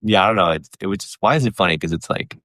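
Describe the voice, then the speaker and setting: A comedian hosting a casual solo podcast, animated and profane, jumping his voice around to act out what people said. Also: rapid-fire, dry recording. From Canada. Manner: animated, profane, acts out quoted voices with big pitch jumps. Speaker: comedian host.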